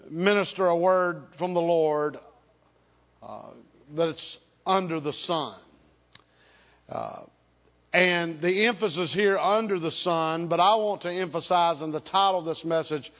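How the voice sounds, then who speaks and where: A pastor delivers a sermon in a church sanctuary, his voice sitting a touch high for a man. He takes his time, leaning hard on key words and calling the congregation to repeat after him. The recording is dull and muffled, with a long reverb tail from the hall. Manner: slow, emphatic, draws out key words; leads congregation in call and response.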